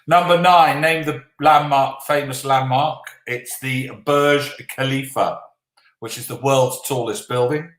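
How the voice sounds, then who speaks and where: A man running a live online quiz, reading the answers at an unhurried pace. He jokes with the players between questions and swears now and then. His voice carries a roomy echo. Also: medium pitch, a bit bright. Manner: jokey, swears then apologises, reads answers slowly. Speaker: quiz host. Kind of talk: live online quiz hosting, casual banter. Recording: echoey room.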